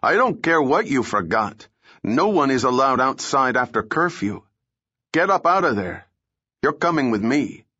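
A man's voice: fairly low pitch, measured pace, dry recording, highs cut off, lightly acted. A man voicing a dutiful, hostile male soldier guard who barks harsh orders in an audiobook reading. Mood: barking, threatening.

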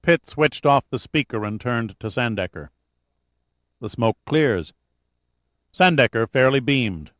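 A man narrating an audiobook in a measured, even reading. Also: mid-range voice, dry recording. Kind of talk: scripted narration.

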